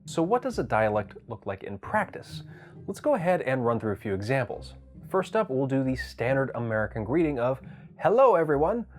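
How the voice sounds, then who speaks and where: A man hosting a tutorial, explaining voice acting techniques with enthusiasm. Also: medium pitch. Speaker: channel host teaching voice acting.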